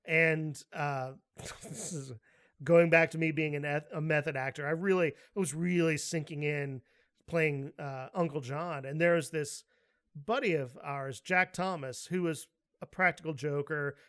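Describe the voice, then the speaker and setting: Guy cohosting a podcast, kinda high voice, laughs a lot, gets loud acting out stories. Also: moderate pace, smooth. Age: adult, with a daughter. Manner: animated storyteller, laughs often, acts out quotes loudly. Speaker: podcast co-host. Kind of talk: casual chat.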